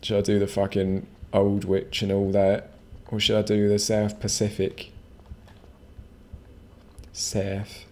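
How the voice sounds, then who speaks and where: A man on a live game stream with a fairly low voice. He rambles casually and swears freely, chatting with his viewers between moves. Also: completely flat delivery, slow, long pauses, a little mellow. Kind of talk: casual live gameplay commentary.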